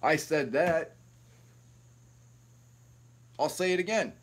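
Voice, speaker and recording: A man's voice: on the high side, takes it slowly, pauses often. Man, live-stream host, ranting, profane, rambling, heated.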